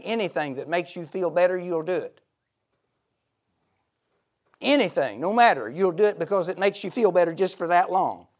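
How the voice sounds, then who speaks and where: With a high voice, this preacher moves between quiet, close speech and booming shouts in a fervent sermon, breaking into laughter frequently.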